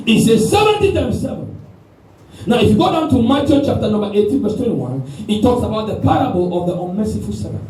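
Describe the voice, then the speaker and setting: A man preaching a sermon with animated call-and-response, recorded in a church hall with the mic at a distance. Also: sits high, fast talker. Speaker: pastor. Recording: echoey room, mic at a distance.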